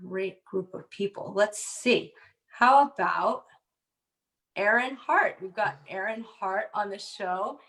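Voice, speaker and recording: A woman co-hosting a comedy talk show, asking questions in a relaxed, chatty way. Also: mid-range voice, slow, reverberant, poor audio. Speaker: podcast co-host. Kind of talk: casual chat.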